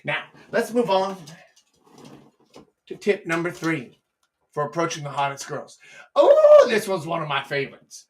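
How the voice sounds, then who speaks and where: A man hosting a live stream with excitable, profane, comedic talk that swings between loud bursts and quiet asides. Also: on the high side, moderate pace, long pauses, far from the mic. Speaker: live-stream host giving dating advice.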